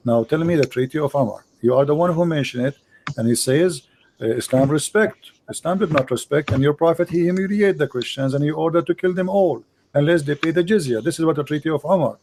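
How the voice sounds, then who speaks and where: Insistent man with broken English, mellow voice. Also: on the high side, fast, a little hiss or hum. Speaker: debate host. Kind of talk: live online debate.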